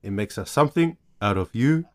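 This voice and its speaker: A man's voice: lowish voice, expressive, brisk, a crowd in the background. A man in a casual podcast chat, telling family stories in an easygoing way with lots of fillers. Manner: easygoing storyteller with many fillers.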